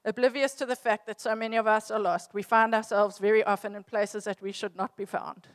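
A woman's voice: mid-range voice, fairly even intonation, brisk. A woman giving a short reflective sermon and asking the listeners questions.

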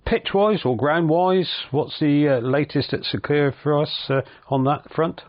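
A man hosting a local radio show, asking questions in a relaxed way and prompting with short "right"s. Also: on the high side, measured pace, no room sound, lo-fi sound. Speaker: radio host. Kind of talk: casual radio interview.

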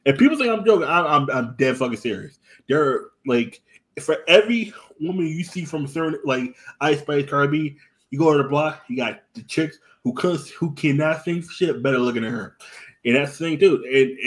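Casting: New man, higher voice, rambling and profane podcast host. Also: lively intonation, brisk. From US East Coast. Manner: profane, repetitive storytelling with acted-out quotes. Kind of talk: casual chat.

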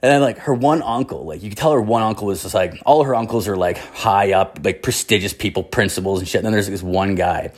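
A man's voice: on the low side, a little fast, few pauses. A young man from Canada, telling a rambling, profane story in casual chat, full of filler words.

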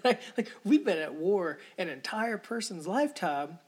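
A man's voice: sits high, expressive, moderate pace, a little mellow, husky. A man hosting a podcast, delivering a rambling, indignant solo rant full of profanity. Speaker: podcast host. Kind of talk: ranting solo podcast monologue.

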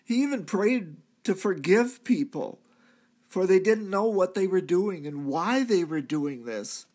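In a solemn church drama monologue, a man plays the repentant thief crucified alongside Christ, now redeemed, and tells his story earnestly. His high voice is animated, unhurried and a little mellow, swelling into cries at key moments.

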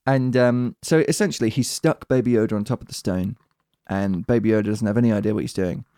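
A man hosting a casual podcast chat, lively and acting out quoted lines in little voices. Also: lowish voice, fast talker, dry recording, studio quality. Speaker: podcast host.

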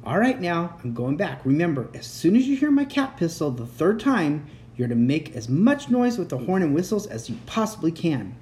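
Man voicing a boy hero, urgent, commanding, lively pitch, storybook reading. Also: moderate pace. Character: brave young boy leading a dragon escape.

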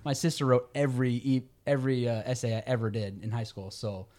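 A man's voice: medium pitch, fairly quick, a little mellow. A young man telling laid-back, self-mocking stories in casual podcast banter, with quoted asides.

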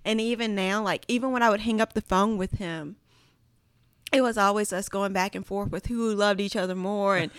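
A woman's voice: medium pitch, fairly even intonation, moderate pace, clean tone, no room sound. Woman, earnest, casual storytelling, dry close sound, mid-range voice. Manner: earnest, many "like" fillers. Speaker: guest sharing a personal story. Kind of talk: casual chat, heartfelt storytelling.

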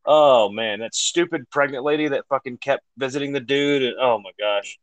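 Profane, animated man in his thirties. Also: mid-range voice, moderate pace, dry recording, poor audio. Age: 30s. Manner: profane, animated retelling with acted-out quotes. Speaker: podcast co-host. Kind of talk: casual chat.

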